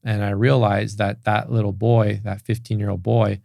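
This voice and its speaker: A man's voice: lowish voice, flat delivery, normal speed, creaky, darkish tone, dry recording, clean studio sound. A man speaking as a podcast guest, telling an emotional personal story in a candid, open way with many restarts. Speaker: podcast guest, business coach.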